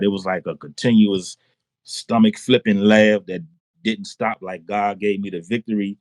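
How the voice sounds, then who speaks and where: A man tells his personal testimony in a lowish voice, with casual slang and bursts of laughter. He gets excited, restarts sentences and repeats himself. The sound is close and dry. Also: dry recording. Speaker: testimony guest.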